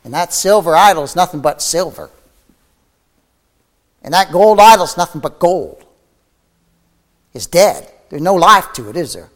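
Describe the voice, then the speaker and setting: Fervent high-voiced preacher in a hall. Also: male voice, expressive, measured pace, long pauses. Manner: fervent preaching, soaring then dropping to a hush. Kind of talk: sermon.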